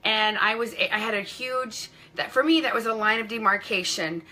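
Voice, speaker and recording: A woman's voice: on the high side, moderate pace, pushed and bright. A middle-aged woman speaking coach telling her personal story on a live stream, effusively greeting viewers by name as they join.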